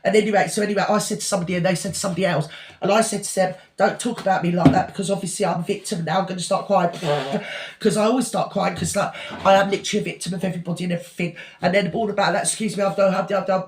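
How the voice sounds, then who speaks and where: A man's voice: high-pitched, steady tone, very fast, echoey room, background noise. A man playing a self-pitying, rambling gossip and scammer who insists he is always the victim, in a satirical monologue. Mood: whiny rambling. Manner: rambling, breathless, circular storytelling. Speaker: parody performer.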